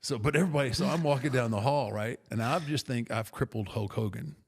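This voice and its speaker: A middle-aged man casually telling a rambling, self-deprecating story with restarts, in a gravelly voice. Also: mid-range voice, fast talker. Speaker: podcast guest storyteller.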